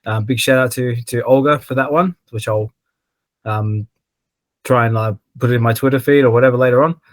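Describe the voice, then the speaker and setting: A man's voice: medium pitch, steady tone, brisk, dry recording. Man, hesitant, many ums, dry close recording. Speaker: podcast panelist. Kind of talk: casual chat.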